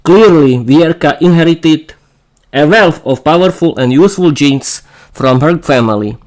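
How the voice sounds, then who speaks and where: Slow, deliberate male storyteller. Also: a little high, lively intonation, a little mellow. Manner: slow, deliberate, with small slips and asides to listeners. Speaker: podcast host reading a story. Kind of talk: slow story reading for English learners.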